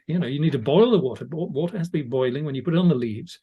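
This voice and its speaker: Older British man, fairly high voice, easygoing self-mocking storyteller for an interview guest spot. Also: very fast, mellow, breathy edge, muffled recording. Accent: British English. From England. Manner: chatty, anecdotal, self-deprecating. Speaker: audiobook narrator guest. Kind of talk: casual interview chat.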